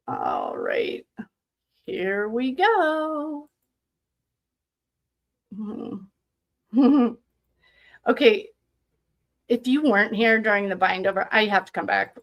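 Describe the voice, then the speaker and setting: A woman's voice: medium pitch, wildly swooping pitch, extremely slow, gravelly, pauses often, a bit bright. Chatty woman hosting a livestream. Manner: chatty, reads viewer comments aloud, laughs often. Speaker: livestream host. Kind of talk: casual livestream chat.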